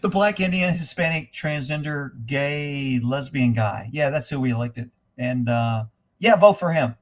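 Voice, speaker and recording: A man hosting a livestream of angry political commentary, profane and mocking, bursting into shouts and laughing in disbelief at clips. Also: mid-range voice, a little slow. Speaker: livestream host.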